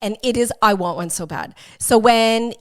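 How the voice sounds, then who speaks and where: A chatty woman co-hosting a podcast, her voice sitting a little high. She rambles through fillers and swears freely. The sound is dry and close. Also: moderate pace, no echo. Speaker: podcast co-host. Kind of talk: casual chat.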